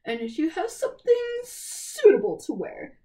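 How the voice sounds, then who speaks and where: A woman's voice: very high voice, huge pitch swings, mellow, pitched above the performer's own voice, heavily acted. Woman putting on a sneering stepmother. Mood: mocking. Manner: slow, sneering. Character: haughty mocking middle-aged stepmother.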